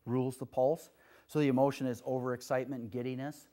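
Animated man teaching with lots of fillers. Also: fast talker. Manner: animated, acts out giddy voices with high squeals; rambling with many fillers. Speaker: herbalist teaching a class. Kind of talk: casual classroom lecture.

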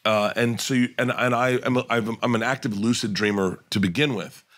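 A male comedian talks as a podcast guest, spilling out anecdotes in an animated, rambling way. He restarts his sentences and laughs as he goes. His voice sits at an ordinary middle pitch. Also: brisk. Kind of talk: casual storytelling chat.

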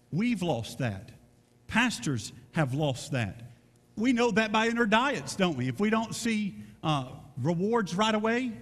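High-voiced pastor preaching in a church. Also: male voice, a bit bright. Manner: folksy preaching with asides and repeated phrases. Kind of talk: sermon. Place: church sanctuary. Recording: church hall reverb with faint music.

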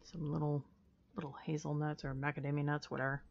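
A woman's voice: low-pitched, level tone, fast talker, vocal fry, slight background noise. An American woman live-streaming, chatting casually with her viewers in a candid, profane, self-mocking way. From United States. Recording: dull lo-fi stream audio. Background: faint music.

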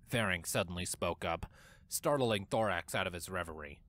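A man narrating a fan-written story aloud, reading with steady, expressive storytelling. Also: low-pitched, moderate pace. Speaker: fanfiction reader. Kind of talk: audiobook-style story narration. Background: faint music.

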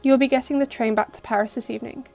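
A woman voicing a stern, reserved middle-aged father in an audio story, speaking in a formal, clipped, quiet way. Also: a little high, fairly even intonation, fast talker, gravelly, soft background music. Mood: formal, subdued.

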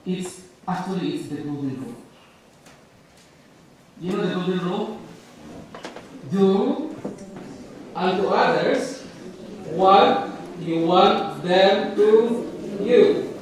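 A Filipino pastor from Ilocos Norte, Philippines, with a high voice and Filipino accent, preaches a sermon that tells a story and poses questions to his congregation. He's at a church in Canada, recorded from a distant mic in an echoey hall with slight background noise.

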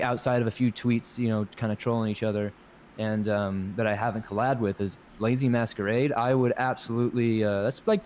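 A man's voice: on the low side, a little mellow, slight background noise. A man with a light Southern American accent, a guest narrator chatting casually and laughing as he acts out other people's lines. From Southern United States. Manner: laid-back, laughing, acts out quoted voices. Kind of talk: casual interview chat.

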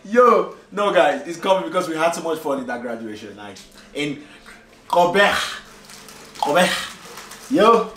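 Slow-talking laid-back man vlogging. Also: a little high. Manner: rambling, laughing, relaxed. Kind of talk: casual vlog chat. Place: hotel room. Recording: echoey room with faint noise.

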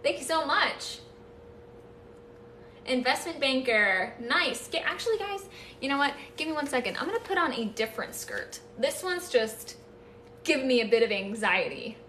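A woman's voice: high-pitched, very animated, normal speed, sharp tone, far from the mic, a little hiss or hum. A woman hosting a casual live stream, chatting with viewers and thanking them, with playful nervous laughs. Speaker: livestream host. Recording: echoey room, voice off-mic.

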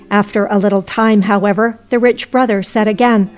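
A woman narrating a folk tale audiobook in a steady storytelling voice. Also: medium pitch, normal speed, few pauses, soft background music.

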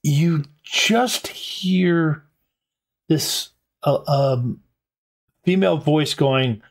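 A man running a tabletop game at a live convention, talking slowly and haltingly. His voice sits a little high, and he fills pauses with ums as he restarts sentences. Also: creaky. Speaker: game master.

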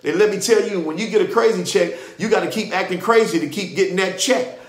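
A man hosting a live ministry broadcast and leading prayer, excitable, often repeating himself and laughing. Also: sits high, fast talker, roomy sound. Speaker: ministry host.

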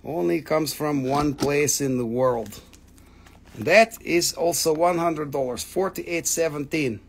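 Excitable man selling gems on a live stream. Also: a little high, vocal fry, slight background noise. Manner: excitable, swears casually, quick price callouts. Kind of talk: live sales stream, casual chat. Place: home, with his dogs nearby.

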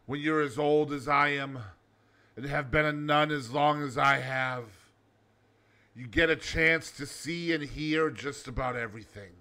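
A man voicing an elderly, unflappable nun in a joke, speaking softly and low. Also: fairly even intonation, unhurried. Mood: calm.

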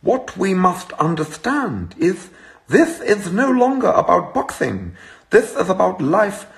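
A man's voice: high voice, wildly swooping pitch, slow pace, gravelly, heavily acted. A man doing a comic impression of a pompous male boxing veteran who speaks in a stilted, formal way with an affected posh English accent and no contractions. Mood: grandiose.

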